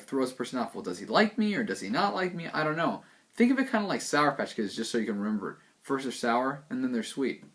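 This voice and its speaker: A young man talks through dating tips in a loose, joking way, with filler words scattered through his speech. His pitch sits in an ordinary middle range. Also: fairly bright tone. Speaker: dating advice vlogger. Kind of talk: casual advice monologue.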